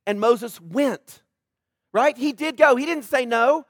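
A male pastor with a very high voice delivers an animated, conversational sermon. He keeps turning to the congregation with asides and jokes. The sound is dry and close, with no room echo. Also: slow pace. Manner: conversational preaching, often asking the congregation "right?".

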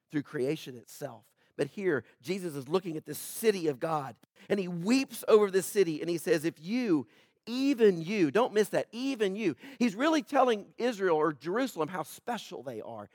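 High-pitched guy preaching a sermon, gets loud then drops way down for the verses, dry close sound. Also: animated, moderate pace, no room sound. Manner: rises to loud emphatic peaks, drops to quiet scripture reading. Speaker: pastor.

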